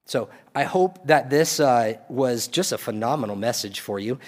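A man's voice: mid-range voice, normal speed, hardly any pauses. Earnest male pastor in echoing hall. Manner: earnest, pleading, building to emphatic peaks. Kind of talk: sermon. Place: church hall. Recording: long reverb of a church hall.

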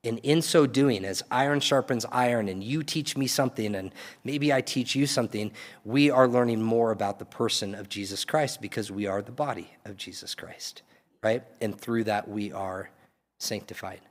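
A man's voice: medium pitch, moderate pace. A man preaching a sermon as pastor, earnest and pleading, building to emphatic peaks. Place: church hall. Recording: long reverb of a church hall.

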